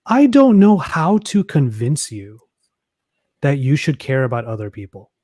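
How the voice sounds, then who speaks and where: A man from the United States co-hosting a podcast, telling stories in an expressive way and laughing as he talks. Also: medium pitch, measured pace, no room sound, clean studio sound. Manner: storytelling, expressive, laughs while talking. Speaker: podcast co-host. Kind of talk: casual chat.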